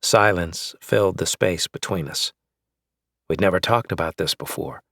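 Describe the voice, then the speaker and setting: A man narrating a novel in the first person, measured and wry. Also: deep voice, gravelly, a bit bright, no echo, clean studio sound. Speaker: audiobook narrator.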